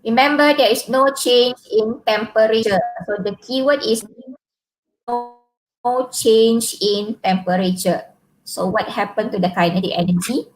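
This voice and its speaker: A woman's voice: on the high side, moderate pace, low-quality recording. A middle-aged woman with a Malaysian accent teaching an online physics class, patiently repeating points and quizzing her students.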